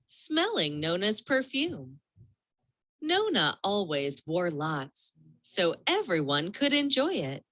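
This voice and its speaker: Slow, expressive woman reading a children's book. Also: lowish voice, no echo. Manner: expressive, gentle storytelling. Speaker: storyteller.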